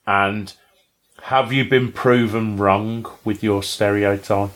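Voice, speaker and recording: A man's voice: fairly low pitch, steady tone, takes it slowly, fairly bright tone. A British man, co-hosting a casual chat, teasing and full of tag questions. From Britain. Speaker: podcast co-host.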